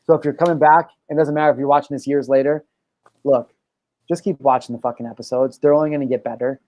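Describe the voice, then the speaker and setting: A man's voice: medium pitch, steady tone, quick pace, a little mellow, no room sound. Joking man hosting, dry close mic. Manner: joking, playfully mock-serious. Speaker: host. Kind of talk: casual podcast banter.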